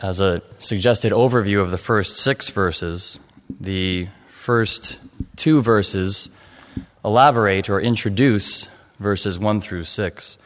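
A man's voice: fairly low pitch, takes it slowly. Man preaching in a reverberant hall. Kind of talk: sermon on a psalm.

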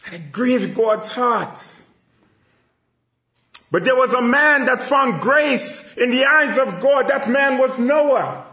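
High-voiced emphatic male preacher, echoey. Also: animated, slow pace. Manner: emphatic preaching that swells into shouts. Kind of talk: sermon. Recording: echoey room, dull lo-fi sound.

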